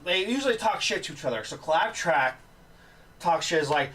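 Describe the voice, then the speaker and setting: A man's voice: on the high side, fairly quick. A man co-hosting a podcast, telling profane stories in casual chat. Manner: profane, animated storyteller. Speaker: podcast co-host. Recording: distant mic with faint noise.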